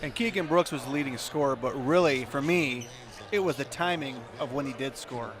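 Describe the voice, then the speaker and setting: A male color commentator breaking down a high school basketball game in a folksy, easygoing way. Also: fairly quick, fairly bright tone. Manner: folksy, uses fillers like you know. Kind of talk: postgame sports analysis. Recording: noisy gym crowd behind.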